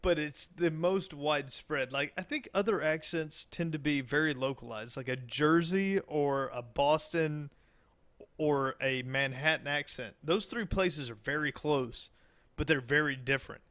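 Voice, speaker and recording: A man's voice: on the high side, measured pace, fairly bright tone. A man with a Southern American accent, co-hosting a casual podcast chat, crude and joking. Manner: crude, joking, slips into mock voices. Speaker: podcast co-host.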